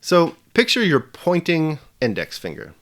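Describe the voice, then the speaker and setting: A man presenting a scripted video lesson with a measured, emphatic delivery. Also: on the high side, wildly swooping pitch. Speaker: teacher.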